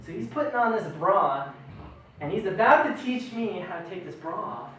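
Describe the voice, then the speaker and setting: A man's voice: high-pitched, moderate pace, a little hiss or hum. Young man telling a self-mocking comic story, very echoey. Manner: animated, self-mocking, acts out quoted voices. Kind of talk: stand-up comedy storytelling. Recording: very echoey room, mic far off.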